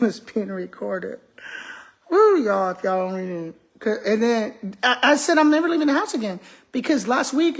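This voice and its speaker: A middle-aged retired school principal, a woman, chatting casually to her viewers and acting out the quotes in the stories she tells. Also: a little high. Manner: animated, laughing storyteller acting out quotes. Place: home kitchen.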